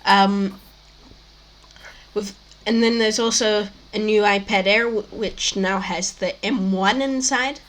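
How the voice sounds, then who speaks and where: A woman's voice: mid-range voice, fairly even intonation, takes it slowly, a bit bright. A young woman hosting a casual tech news chat, rambling with many fillers and restarts, her mouth a bit dry. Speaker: tech show host.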